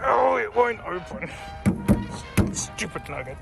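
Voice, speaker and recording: An Australian man with a high, gravelly voice that swoops wildly up and down. He talks chattily as he coaxes his old car, with music behind him. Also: big pitch swings, takes it slowly. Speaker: vlogger. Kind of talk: casual talk while working on an old car.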